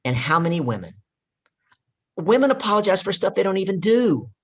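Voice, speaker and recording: A woman's voice: medium pitch, very animated, a little fast, slightly rough. A woman guest and life coach telling a coaching story with energy, hammering home her key points. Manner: emphatic, repeats key points.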